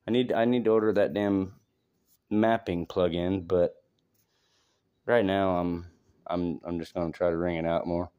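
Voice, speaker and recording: Low-voiced man, rambling and profane. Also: fairly even intonation, measured pace, long pauses, mellow, smooth, no room sound, lo-fi sound. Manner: profane, rambling, talks in short bursts. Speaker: vlogger. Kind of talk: casual update vlog.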